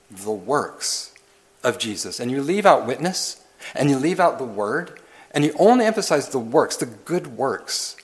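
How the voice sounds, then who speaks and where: A man preaching a sermon as pastor, pressing his listeners with questions and repeated lists. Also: medium pitch. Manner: questioning, building emphasis through repetition.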